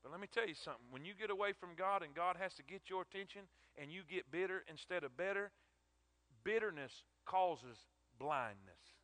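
A man's voice: high voice, quick pace, few pauses, sharp tone, dry recording. A man preaching a sermon in an emphatic, emotional way, often repeating his words.

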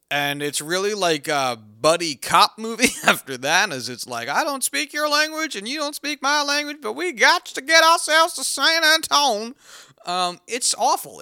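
A man giving a casual, exasperated movie review, swearing often and filling pauses with ums and uhs. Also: mid-range voice, bright, forceful tone, no echo, clean studio sound. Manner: exasperated, profane ranting with many fillers. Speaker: film reviewer.

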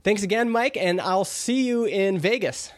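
A man's voice: high-pitched, animated, measured pace, no echo. A man hosting a podcast, talking casually in a chatty, rambling way with restarts. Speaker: podcast host.

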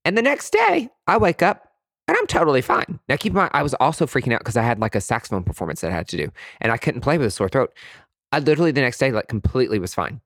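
Animated, flamboyant man. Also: fast, no echo, studio quality. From East Tennessee, USA. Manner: animated, flamboyant, jumps into high falsetto for quotes. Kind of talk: personal storytelling.

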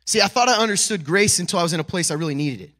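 Here a pastor's sermon comes out very fast, in an animated, high-pitched voice. He chats with the congregation, often tossing in "right?" or "okay?", and works his way up to loud, emphatic peaks.

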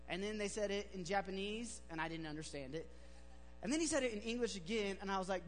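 A man with a high voice preaching in a large, reverberant hall with a faint hum behind him. He tells a story in a chatty, joking sermon style, loose and full of fillers. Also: animated, fast, bright, forceful tone. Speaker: pastor.

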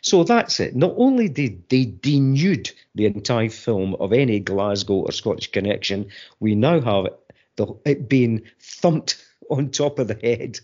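A middle-aged man in a casual discussion, talking in an animated, digressive way with frequent restarts, on muffled lo-fi audio. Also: medium pitch, measured pace, breathy edge.

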